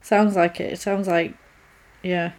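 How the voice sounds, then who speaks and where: Speaking at a measured pace in a lowish voice, a woman gives an animated recap of a horror film, slipping into the characters' voices for their lines during a casual conversation.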